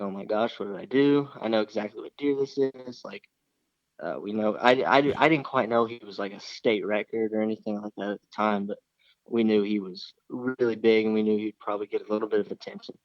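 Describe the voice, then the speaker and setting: A young man with a fairly low voice tells a story in a relaxed, rambling way, circling back and restarting his sentences as he goes. The recording sounds slightly dull and very dry, with no room sound around him. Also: no echo. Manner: rambling, full of restarts and fillers. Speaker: interview guest, hunter. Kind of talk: casual storytelling.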